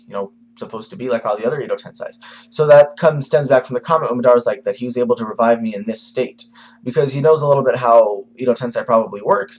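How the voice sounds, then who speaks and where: A man giving a casual manga review to camera, rambling with lots of fillers and the odd swear. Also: medium pitch.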